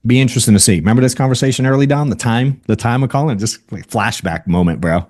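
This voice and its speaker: A man giving a casual, energetic sales training over a video call. He talks bluntly and keeps asking "right?" and saying "dude.". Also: mid-range voice, quick pace. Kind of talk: casual motivational training talk.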